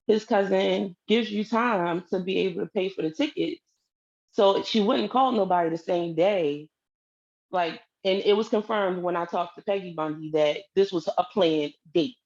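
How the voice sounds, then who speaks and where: A woman's voice: mid-range voice, moderate pace, lo-fi sound. Woman animatedly telling a personal story. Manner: animated, acts out quoted dialogue.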